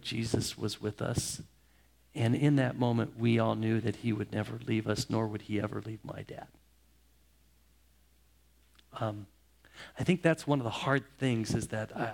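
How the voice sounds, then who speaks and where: A man in his fifties, a pastor, preaching a sermon in a personal, heartfelt way, telling family stories with pauses and restarts. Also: medium pitch, creaky.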